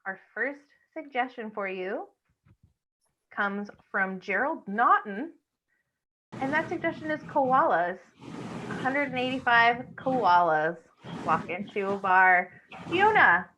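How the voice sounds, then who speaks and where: Bright upbeat woman hosting online improv. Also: a little high, lively intonation, slight background noise. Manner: upbeat, quick emcee patter with fillers. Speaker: improv show host. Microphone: video call.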